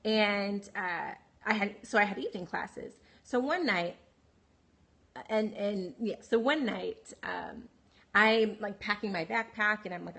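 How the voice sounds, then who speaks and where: A woman of middle pitch speaks into a phone on a live broadcast. She tells her own story in a candid way, full of fillers and restarts and broken by quick laughs. She stops now and then to answer viewers by name. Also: vocal fry, sharp tone. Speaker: livestream host. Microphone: phone livestream.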